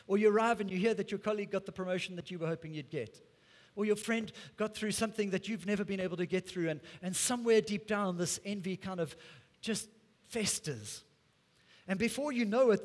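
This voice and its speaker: A man's voice: high-pitched, long reverb tail. A man preaching a sermon as a pastor, earnest and conversational, often repeating words as he goes.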